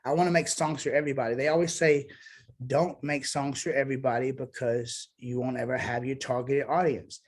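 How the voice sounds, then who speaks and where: A man's voice: mid-range voice, level tone, brisk. A man, a musician guest talking casually and bluntly in an interview, swearing now and then. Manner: blunt, swearing, self-assured.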